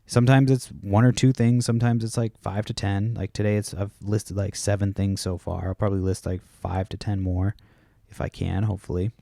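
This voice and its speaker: A man's voice: lowish voice, level tone, a little fast, vocal fry, mellow, no echo, clean studio sound. A man hosting a solo podcast, telling stories casually with lots of swearing and acting out what other people said. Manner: casual, profane, acts out quoted people. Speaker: podcast host.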